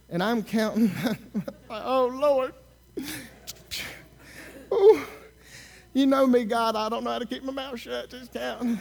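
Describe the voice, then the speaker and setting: A male minister telling a story in a sermon, sarcastic and animated, acting out the people he talks to. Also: very high-pitched, normal speed, vocal fry, pauses often. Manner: sarcastic, animated storyteller who acts out dialogue.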